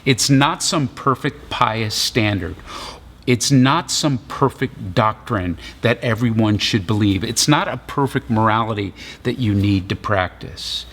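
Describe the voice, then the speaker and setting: Slow-talking male pastor, low voice. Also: fairly bright tone. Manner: conversational storytelling, acts out voices. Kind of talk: sermon.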